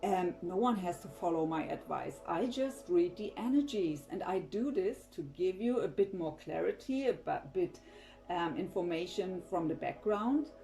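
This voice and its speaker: Low, mellow-voiced woman tarot reader. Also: expressive, moderate pace, creaky, soft background music, rough recording. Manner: defensive, rambling with restarts and sighs. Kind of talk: casual tarot reading to camera.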